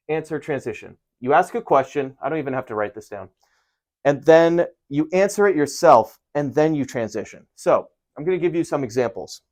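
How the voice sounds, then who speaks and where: A man giving a casual writing lesson, energetic and profane, with rambling asides, sometimes loud and sometimes muttering under his breath. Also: medium pitch. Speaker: writing teacher. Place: home room writing on a board.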